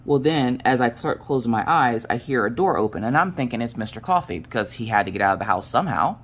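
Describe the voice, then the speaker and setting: A woman with a notably deep voice, slightly crackly from the early hour, chats to her viewers while she crafts. She tells her story in an animated, casual way and swears freely along the way. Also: quick pace. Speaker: crafting vlogger.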